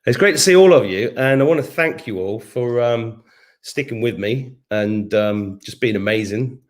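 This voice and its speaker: A middle-aged man talking casually on a live stream from his kitchen, his voice at an ordinary middle pitch. He rambles through viewer comments in a loose, chatty way and hums little tunes to himself while he scrolls. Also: moderate pace. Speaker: livestream host. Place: home kitchen.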